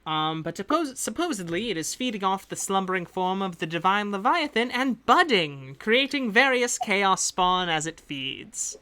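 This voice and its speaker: A woman's voice: medium pitch, big pitch swings, sharp tone, clean tone. A woman voicing a composed, secretive female patron who speaks formally with a put-on accent. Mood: earnest. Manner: formal, measured, polite speech in a put-on accent. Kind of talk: in-character tabletop narration.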